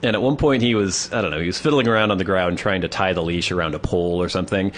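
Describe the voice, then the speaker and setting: Wry low-voiced man telling stories. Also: fast talker, a little hiss or hum. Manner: wry, rambling storyteller. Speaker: podcast co-host. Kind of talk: casual comedic chat.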